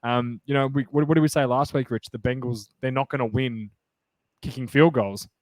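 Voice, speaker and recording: A man co-hosting a sports podcast, chatting casually and getting excited, rambling with many fillers and restarts. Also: medium pitch, normal speed, dry recording. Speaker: podcast co-host.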